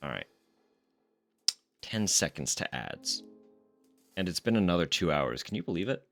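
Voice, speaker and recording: Laid-back low-voiced male streamer. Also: very animated, normal speed, vocal fry, a bit bright, faint music behind. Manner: laid-back, swears and laughs easily. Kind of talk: casual gameplay commentary.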